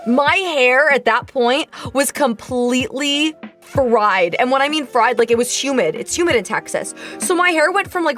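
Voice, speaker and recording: High-pitched woman, chatty VTuber storyteller, rambling and animated, soft music behind. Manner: animated, oversharing, many fillers and stammers. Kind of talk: casual storytelling chat.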